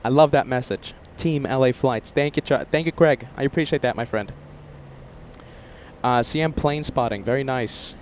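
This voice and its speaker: A man's voice: medium pitch, normal speed, slight background noise. An upbeat, chatty man hosting a casual livestream outdoors near an airport and reading viewer messages. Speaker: livestream host.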